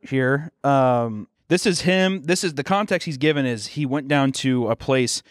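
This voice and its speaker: A man's voice: medium pitch, unhurried, dry recording, clean studio sound. A young man co-hosting a casual comedy podcast, riffing and jumping into character voices as he tells scenes. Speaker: podcast co-host.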